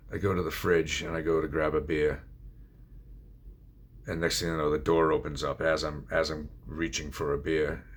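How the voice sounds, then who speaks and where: A man's voice: low voice, creaky. A middle-aged man telling his own story of addiction in a blunt, confessional way, swearing freely. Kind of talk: candid personal storytelling.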